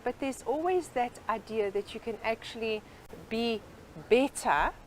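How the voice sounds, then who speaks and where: Earnest, fairly high-voiced woman explaining. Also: measured pace, slight background noise, rough recording. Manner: earnest, explanatory, speaks in sayings and metaphors. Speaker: guest life coach. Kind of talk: interview.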